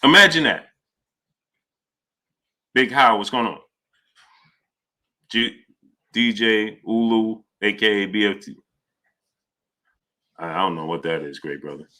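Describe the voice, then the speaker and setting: Bright-voiced New livestream host. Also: male voice, fairly low pitch, slow pace, long pauses. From New York. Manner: greets viewers by name, reads super chats aloud. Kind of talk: casual livestream chat.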